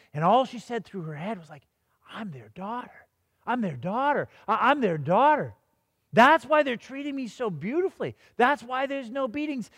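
A man's voice: sits high, dry recording, big-room sound. A man preaching a sermon, telling a story and reading scripture, often restarting and repeating words. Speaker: pastor.

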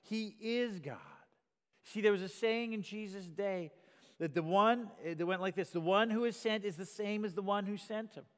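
A man's voice: sits high, moderate pace, fairly bright tone, clear, resonant tone, big-room sound. A man preaching a sermon in an earnest way, often repeating a word as he starts a sentence and pushing his voice up for emphasis. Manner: earnest, repeats words when starting, rises in volume for emphasis.

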